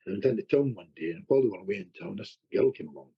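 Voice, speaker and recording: A man who works as a hypnotherapist, a guest telling animated stories in a podcast conversation, often restarting his sentences. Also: on the low side, racing, vocal fry, husky, dull audio. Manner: animated anecdotes with repeated restarts.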